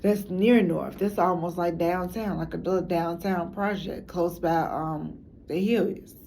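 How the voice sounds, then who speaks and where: Speaking to camera for a documentary, a Chicago woman with a Chicago accent rambles frankly in loose slang and laughs often. Her voice is fairly low, steady, and measured, darkish with vocal fry, and a slight hiss or hum sits in the background.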